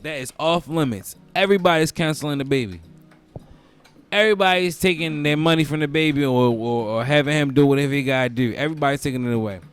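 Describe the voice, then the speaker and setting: Profane, animated man hosting a podcast. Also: fairly high pitch, fast, smooth, soft background music. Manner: profane, animated storytelling with loud mock quotes. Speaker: podcast host. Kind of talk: casual comedic podcast rant.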